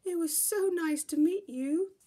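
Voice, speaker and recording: A woman's voice: very high-pitched, unhurried, warm tone, pitched above the performer's own voice. A woman voicing a friendly, chirpy male owl in a children's story, with a hooting cheerful manner.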